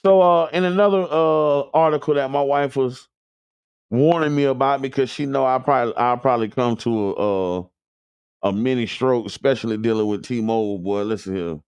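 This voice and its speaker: Smooth-voiced radio host. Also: male voice, medium pitch, normal speed, darkish tone, no echo. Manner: loose, joking, talks straight to listeners. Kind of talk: casual talk radio chat.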